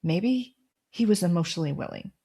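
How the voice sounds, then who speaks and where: A middle-aged woman hosting a podcast, telling a personal story and giving advice in a calm, firm, direct way. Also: lowish voice, brisk, slightly rough. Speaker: podcast host.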